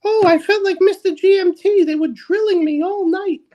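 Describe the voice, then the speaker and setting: A man voicing a talking safe character in a high baby voice with a New York accent. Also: moderate pace. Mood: joking. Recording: dull lo-fi call audio.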